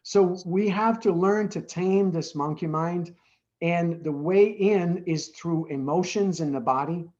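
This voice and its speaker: A man's voice: fairly high pitch, a little slow, a little mellow, muffled recording. A man being interviewed as the founder of an addiction treatment center, explaining earnestly and often checking in with "right?".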